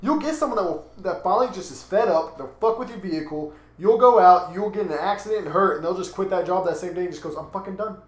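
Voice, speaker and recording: A young Texan man with a high voice talks fast, hardly pausing, as he tells a story and rants. He's a co-host on a casual, profane podcast recorded in an echoey room.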